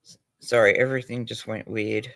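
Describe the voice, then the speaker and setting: A man's voice: fairly low pitch, little pitch movement, normal speed, creaky, a bit bright, dry recording. An Australian man hosting a casual livestream, talking crudely, swearing and laughing often. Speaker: livestream host.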